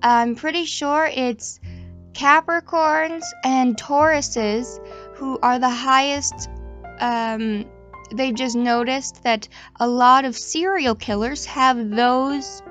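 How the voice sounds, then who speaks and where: Young female host, fairly high voice, casual self-deprecating chatter over faint background music. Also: fairly even intonation, takes it slowly, fairly bright tone. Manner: chatty, self-deprecating, meandering with frequent restarts. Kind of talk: casual rambling chat.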